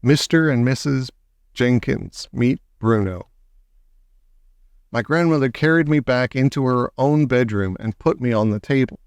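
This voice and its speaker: A male audiobook reader narrating a children's storybook in a measured, expressive way. His voice sits at an ordinary middle pitch for a man. The recording is close and dry, with no room sound. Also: clear, resonant tone, no room sound.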